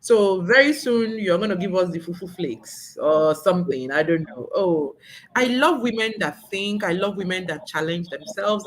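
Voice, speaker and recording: Effusive, animated woman talk show host. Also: on the low side, slight background noise, rough recording. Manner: effusive, animated, laughs often. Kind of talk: interview.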